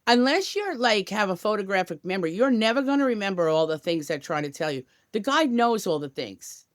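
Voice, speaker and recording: A woman's voice: mid-range voice, very animated, brisk, no room sound, clean studio sound. A woman guest on a travel podcast, talking in an upbeat, chatty way with many casual asides. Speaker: tour company guest. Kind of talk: enthusiastic podcast interview.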